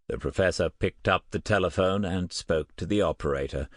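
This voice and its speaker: A man narrating an audiobook in a measured, even way. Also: low voice, dry recording, clean studio sound. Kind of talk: scripted narration.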